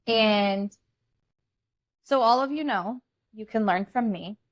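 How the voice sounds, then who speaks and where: A woman's voice: mid-range voice, slow pace, dry recording. A young woman co-hosting a podcast, telling a family story in a blunt, candid, casual way. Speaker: podcast co-host. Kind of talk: casual chat.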